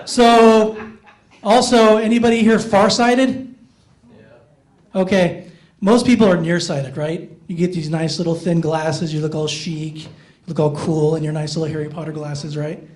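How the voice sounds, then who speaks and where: Middle-aged man with a high, unmasculine voice. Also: fairly even intonation, unhurried, darkish tone. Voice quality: not very masculine voice. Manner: self-mocking, talks with the audience. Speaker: stand-up comedian. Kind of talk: stand-up comedy. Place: playhouse stage.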